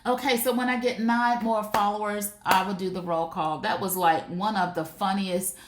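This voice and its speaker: A woman's voice: medium pitch, normal speed, a little hiss or hum. Chatty woman stream host, roomy sound. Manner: chatty, animated, addresses viewers directly. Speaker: live shopping stream host. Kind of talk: casual live stream product chat. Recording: roomy echo.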